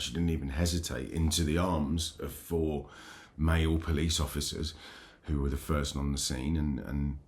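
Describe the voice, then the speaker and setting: A man hosting his own channel, telling a painful personal story in a halting, emotional way, full of restarts. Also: very deep voice. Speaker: channel host.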